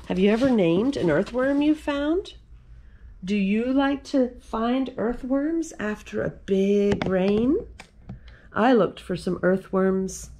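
A woman who is a children's librarian, reading a picture book aloud at storytime in a gentle, expressive way. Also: mid-range voice, slight background noise.

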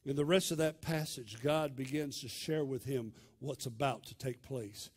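A male pastor, preaching a sermon in a dramatic storytelling way that swings from loud to hushed. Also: mid-range voice, moderate pace, breathy edge.

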